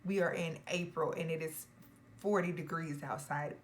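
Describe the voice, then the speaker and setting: A young woman talks straight to camera about fragrances in an emphatic, playful way. Her voice sits a little low for a woman, and she now and then drops into hushed, whispered asides. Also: steady tone, normal speed, slight background noise. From Georgia, US. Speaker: fragrance reviewer. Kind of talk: casual chat to camera.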